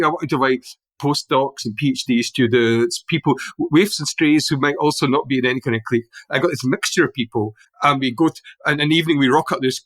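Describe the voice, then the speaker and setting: A middle-aged man with a Glaswegian accent, a podcast guest telling animated anecdotes in casual conversation with many restarts. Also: on the high side, husky, no room sound. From Scotland.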